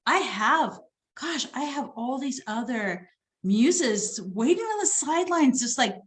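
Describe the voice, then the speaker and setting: A woman romance author talking casually about her writing, chatty and quick to laugh. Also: high-pitched, sing-song. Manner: chatty, warm laughs, repeats herself. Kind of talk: casual chat.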